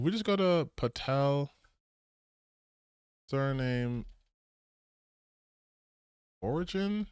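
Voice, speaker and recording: A man doing casual reaction commentary on a stream, sarcastic and openly incredulous. His voice sits fairly high and swings widely in pitch, and the sound is dry and close. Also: animated, slow pace, pauses often, smooth, dry recording. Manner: sarcastic, incredulous, repeats himself for emphasis.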